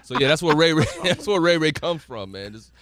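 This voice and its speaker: A man from North Carolina, a comedian guest, telling stories in animated casual chat and laughing often. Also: fairly high pitch, brisk.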